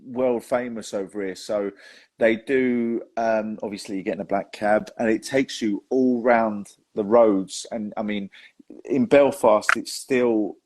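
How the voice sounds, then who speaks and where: Chatty man, low voice. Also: fairly even intonation, a little slow, a little mellow. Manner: chatty storyteller, laughs often, says "mate". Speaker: host and magician. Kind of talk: casual podcast chat.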